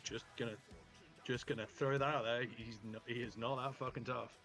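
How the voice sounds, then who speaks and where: A man's voice: medium pitch, steady tone, brisk, fairly bright tone, faint music behind. A man running a tabletop game as game master, narrating casually with a rambling delivery. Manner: casual, rambling, many fillers and restarts.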